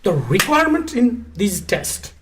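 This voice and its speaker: A man from Nepal, speaking with a Nepali accent, appears as a guest English test teacher in an interview, explaining things emphatically, repeating his points, and spelling words out letter by letter. His high voice is very animated yet unhurried, with background noise present.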